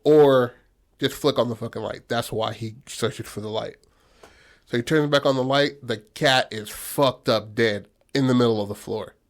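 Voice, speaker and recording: A man's voice: mid-range voice, moderate pace. A man telling a story in casual podcast chat, loose and profane, acting out what the characters say. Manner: loose, profane retelling with acted-out quotes. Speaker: podcast co-host.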